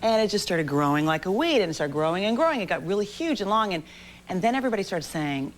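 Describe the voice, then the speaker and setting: A woman in her forties telling a lively anecdote as a talk show guest in a TV studio, acting out the voices she quotes, with sudden jumps in pitch. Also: fast. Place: TV studio with live audience. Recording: lo-fi VHS broadcast recording, faint hiss.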